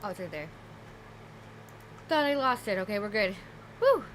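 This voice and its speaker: A woman streamer chatting casually and thinking out loud as she sets up her stream. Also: mid-range voice, sing-song, normal speed, a little hiss or hum, poor audio.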